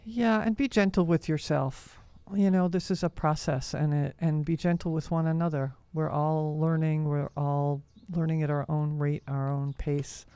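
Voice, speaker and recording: A woman co-hosting a casual conversation, speaking in a gentle, encouraging way and often murmuring agreement. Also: low voice, fairly even intonation, normal speed, hardly any pauses, smooth, no room sound. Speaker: co-host.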